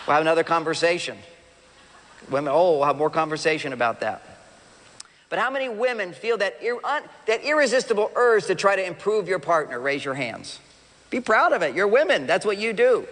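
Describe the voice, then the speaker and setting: Before a live audience, a man with a notably high voice delivers an animated relationship seminar talk. He fires questions at the crowd, addresses them directly, and acts out short quotes from partners. A long hall reverb makes his words ring.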